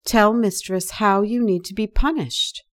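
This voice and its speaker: A woman voicing a dominant mistress who speaks in a soft, soothing but commanding voice for an erotic story reading. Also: medium pitch, fairly even intonation, a little slow, close to an everyday voice. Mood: coaxing.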